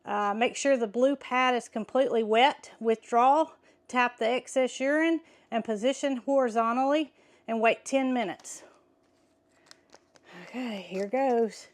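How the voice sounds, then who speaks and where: Woman, middle-aged, farm vlog, excited, slightly breathless, outdoors, higher voice, dry close sound. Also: a little slow, dry recording. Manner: chatty and excitable, talking to viewers. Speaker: farm vlogger. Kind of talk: casual vlog narration. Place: outdoors in a pasture.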